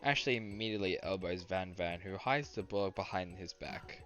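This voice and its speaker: A man's voice: low-pitched, normal speed, fairly bright tone, soft background music. A young man streamer reading a story game aloud with jokey, laughing asides.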